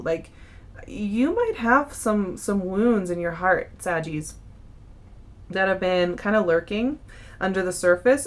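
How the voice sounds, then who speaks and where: A young woman giving a casual monthly tarot reading, chatty, with frequent fillers and restarts. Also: medium pitch. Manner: chatty, warm-hearted, many fillers and restarts. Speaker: tarot reader.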